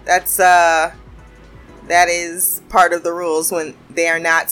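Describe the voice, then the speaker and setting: A woman's voice: medium pitch, fairly bright tone. Chatty, profane woman recapping. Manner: chatty, profane, laughing often. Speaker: episode recapper. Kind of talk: casual cartoon episode recap.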